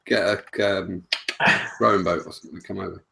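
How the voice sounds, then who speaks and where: A man's voice: low voice, fairly even intonation, a little fast, creaky, fairly bright tone, slight background noise, rough recording. Male podcast host reading listener questions. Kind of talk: casual podcast chat.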